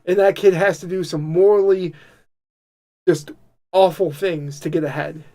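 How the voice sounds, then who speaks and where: A man's voice: high-pitched, fairly even intonation, unhurried, mellow. A male podcast co-host in casual chat, blunt and frustrated. He swears freely and repeats phrases as he builds his point. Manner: frustrated, blunt, profane ranting.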